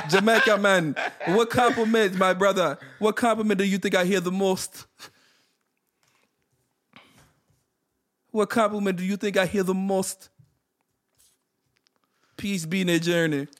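Guy doing a goofy jokey jamaican voice, pitched up a bit, laughing as he goes. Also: steady tone, a little slow, pauses often, fairly bright tone. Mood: joking. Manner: jokey, laughing through the lines. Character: playful man in a put-on Jamaican voice.

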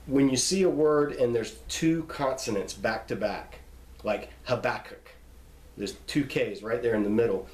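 A man's voice: mid-range voice, a little mellow. A man giving an informal lesson on pronouncing biblical names, patient and given to repeating and spelling out words. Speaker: Bible teacher. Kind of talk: informal classroom lecture. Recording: echoey room.

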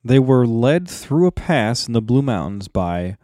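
A man with a Midwestern accent co-hosting a podcast, laying out facts in relaxed casual chat. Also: medium pitch, measured pace, dry recording, studio quality. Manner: laid-back, explains facts. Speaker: podcast co-host.

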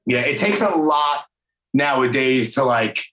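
A man's voice: medium pitch, a little slow, fairly bright tone, reverberant, low-quality recording. A middle-aged man with a New York accent, hosting a podcast in loose, rambling chat over a video call. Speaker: podcast host. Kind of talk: casual interview chat.

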